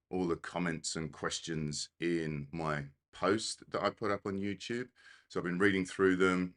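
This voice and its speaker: A very deep-voiced man speaks into a desk microphone on a live stream. He sounds a bit out of breath and flustered, joking at himself as he settles in to host. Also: a bit bright. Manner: flustered and self-deprecating, laughing at tech trouble. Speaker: meditation host. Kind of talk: live-streamed casual talk.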